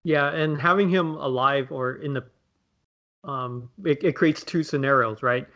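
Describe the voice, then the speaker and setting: A man at a middle pitch, heard with a slightly dull sound, talks through his view in a casual podcast chat. He sets out his reasoning one point at a time in an agreeable way. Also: unhurried, pushed and bright. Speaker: podcast co-host. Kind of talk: casual movie discussion.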